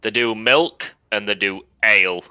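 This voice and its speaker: Low, bright, dry-voiced joking man. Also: a little slow, clean tone, no echo. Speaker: player. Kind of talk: casual tabletop game chat.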